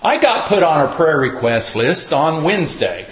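A man's voice: fairly high pitch, very animated, moderate pace, a crowd in the background. A middle-aged male pastor telling a self-mocking story in a sermon, acting out the dialogue in a folksy way. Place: church. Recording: echoey room, dull lo-fi sound.

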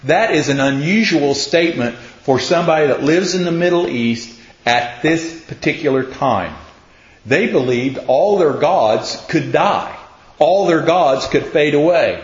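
A man's voice: a little high, lively intonation, unhurried. A man preaching a conversational sermon, folksy and casual, acting out scripture in everyday speech. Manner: casual, folksy, acts out scripture in plain talk. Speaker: pastor. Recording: roomy, dull sound.

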